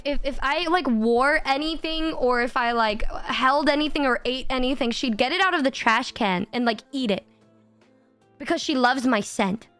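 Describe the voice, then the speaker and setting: A young woman streamer chatting casually with her viewers, animated and swearing, often breaking into laughs. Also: high voice, dry recording.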